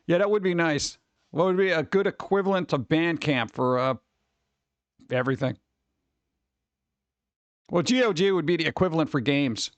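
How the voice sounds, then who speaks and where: In a dry recording, a middle-aged male streamer talks with viewers in a voice on the high side. His casual, rambling chat feels over-caffeinated, full of swearing and acted-out impressions of the people he's describing.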